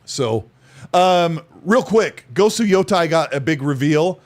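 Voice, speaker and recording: A man's voice: a little high, lively intonation, takes it slowly. A man co-hosting a casual gaming podcast, teasing his co-host and laughing often.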